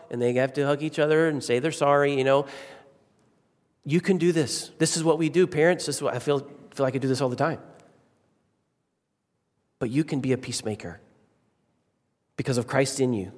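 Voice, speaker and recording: In the long reverb of a church hall, a middle-aged pastor gives a sermon in a mid-range voice at normal speed, leaving long pauses. He is emphatic, returns again and again to key phrases, and changes his pace and loudness.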